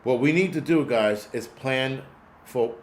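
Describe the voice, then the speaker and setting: A man in his forties, hosting a loose livestream and swearing constantly as he rambles from one gripe to the next. His voice sits at an ordinary middle pitch, with a faint hiss of noise behind it as he answers his chat. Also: a little slow. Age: 40s. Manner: profane, rambling, talks back to chat. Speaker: host. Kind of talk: casual livestream rant.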